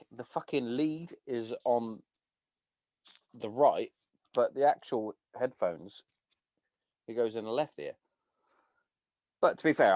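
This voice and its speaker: A man hosting a podcast, chatting in an animated, profane way and acting out his stories. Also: mid-range voice, dry recording. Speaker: podcast host. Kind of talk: casual chat.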